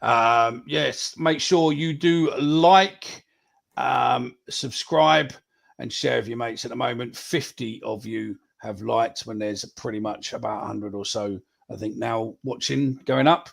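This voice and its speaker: A man's voice: mid-range voice, slow pace, creaky, a bit bright. A man, hosting a casual live podcast chat, swearing freely as he reads out viewer predictions. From England. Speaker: podcast host.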